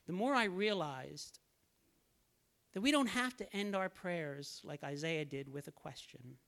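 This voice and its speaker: A man's voice: fairly high pitch, expressive, measured pace, gravelly, a bit bright. A man preaching a sermon, earnest and pleading as he reads scripture aloud.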